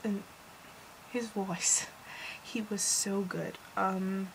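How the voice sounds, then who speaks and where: A teenage girl giving a casual, gushing film review vlog, rambling, dropping into whispers and then bursting out louder. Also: medium pitch, steady tone, drawn-out words, a little hiss or hum, poor audio. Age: teens. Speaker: vlogger.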